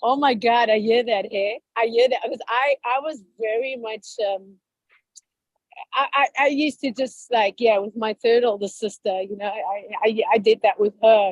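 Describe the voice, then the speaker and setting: Woman hosting a video call chat, kinda high, husky, gushes and rambles a lot. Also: no echo, low-quality recording. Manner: effusive, animated storytelling with many fillers. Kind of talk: casual group chat.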